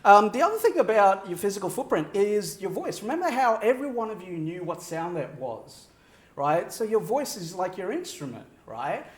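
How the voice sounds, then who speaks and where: A man's voice: sits high, sing-song, moderate pace. A man delivering a conference keynote, talking to the audience and checking in with frequent "right?" asides. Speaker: keynote speaker. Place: large conference hall. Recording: roomy echo of a large hall.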